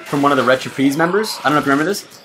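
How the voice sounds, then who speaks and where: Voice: medium pitch, very fast, slight background noise. A let's play host chatting casually and swearing freely while playing a game. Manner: profane, rambling, animated. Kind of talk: casual gaming chat.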